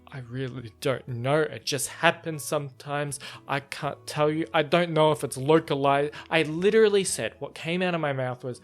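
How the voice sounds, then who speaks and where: A young Australian man in his twenties, hosting his own podcast and telling stories in an animated, self-mocking way. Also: a little high. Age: 20s. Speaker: podcast host. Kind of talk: casual solo podcast storytelling.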